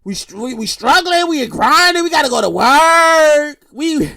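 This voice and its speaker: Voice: sits high, animated, unhurried, creaky, pushed and bright, no room sound, clean studio sound. A podcast host in their thirties, rambling through a casual, profane monologue and repeating phrases for emphasis. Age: 30s.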